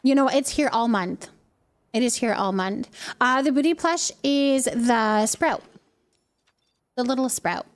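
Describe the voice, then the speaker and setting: A woman's voice: fairly high pitch, measured pace, long pauses. Chatty, laughing woman streamer. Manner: chatty, laughs often, talks to viewers as you guys. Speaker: livestreamer and mother. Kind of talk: casual live-stream chat while playing a game.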